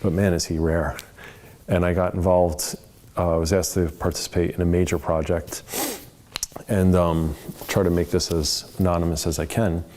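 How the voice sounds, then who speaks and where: A man's voice: low voice, flat delivery, moderate pace, warm tone. A man leading a church Bible study in an earnest, conversational way, full of rambling asides. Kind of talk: casual teaching.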